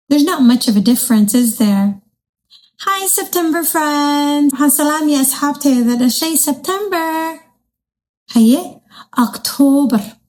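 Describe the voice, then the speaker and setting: A woman teaching young children in an animated, sing-song way, speaking straight to them as her little friends. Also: high-pitched, poor audio. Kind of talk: bilingual kids' lesson.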